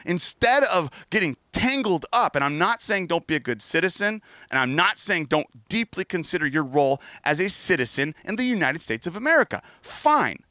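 Earnest man preaching with a bright voice. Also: sits high, very animated, normal speed, few pauses, no echo, studio quality. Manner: earnest, candid, storytelling with self-deprecating asides. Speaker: pastor. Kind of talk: sermon with personal story.

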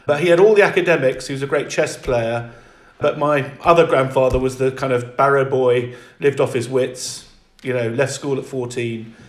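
A man speaking as an interview guest in reflective conversation, halting and restarting often. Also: mid-range voice, fairly even intonation, echoey room.

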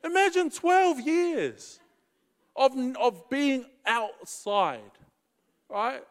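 A man's voice: very high-pitched, big pitch swings, drawn-out words, clean tone, in a large hall. A man preaching in a casual, slangy storytelling way. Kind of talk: storytelling sermon.

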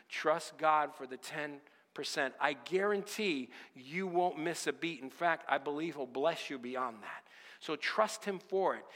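A man's voice: on the high side, fairly bright tone, in a large hall. A man preaching a sermon, telling a story with voiced quotes and exhorting his church to give. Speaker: pastor. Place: church sanctuary.

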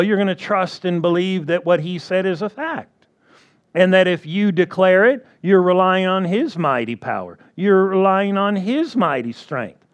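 A man preaching a sermon who repeats his key phrases and keeps asking the congregation for agreement. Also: high-pitched.

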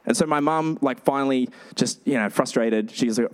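A male pastor giving a sermon, telling lively stories with animated delivery. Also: medium pitch, moderate pace. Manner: storytelling, animated.

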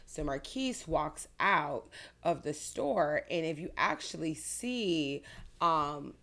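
A woman's voice: sits low, unhurried, a bit bright. A woman attorney from Florida giving earnest, detailed answers as an interview guest. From Pinellas County, Florida.

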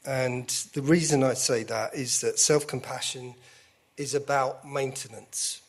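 Husky, self-deprecating man. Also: mid-range voice, fairly even intonation, unhurried. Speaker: guest. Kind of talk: candid conversation.

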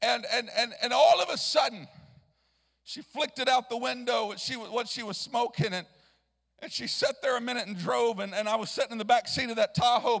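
High gravelly evangelist preacher. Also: male voice, a little fast, fairly bright tone, long reverb tail. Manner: rambling storytelling with restarts, rising into chanted preaching cadence. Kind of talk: sermon storytelling. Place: church sanctuary.

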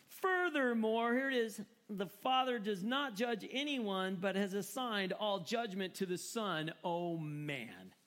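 A man preaching a sermon in an animated, joking way, often repeating words for emphasis. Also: sits high. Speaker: pastor.

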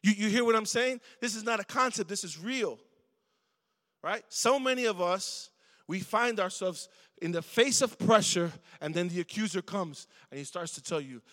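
A middle-aged man, guest preaching at a youth service, gives a conversational sermon to young people and calls on the crowd to respond. His voice is high and fairly bright, at a normal speed. The church hall adds a long reverb.

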